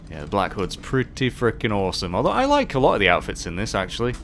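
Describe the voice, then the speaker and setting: A man doing casual live commentary while playing, excitable, swearing often and chatting with his viewers. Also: on the low side, fast talker, a little hiss or hum. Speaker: game streamer.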